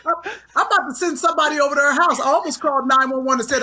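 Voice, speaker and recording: A woman's voice: sits high, racing, noisy background. A middle-aged woman co-hosting a comedy podcast, teasing her partner and rambling through plans in casual chat. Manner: teasing, talkative, rambling planning. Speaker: podcast co-host.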